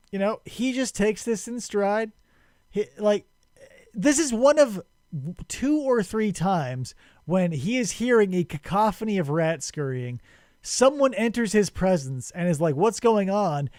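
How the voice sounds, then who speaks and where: Lively, sarcastic male podcast host. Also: high-pitched, no echo, clean studio sound. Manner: rambling, sarcastic, profane. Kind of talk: casual chat, retelling a story.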